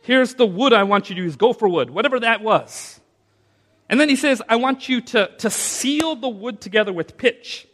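A man with a high voice preaches a sermon, shifting between hushed reflection and loud, emphatic declarations. His voice carries a long reverb through a large hall. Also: expressive, moderate pace. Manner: dynamic preaching, swinging from soft to loud. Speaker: pastor.

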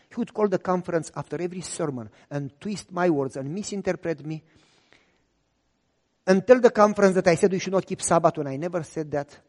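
A man pastor telling a story in a sermon, with animated delivery and deadpan humor. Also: fairly high pitch, in a large hall.

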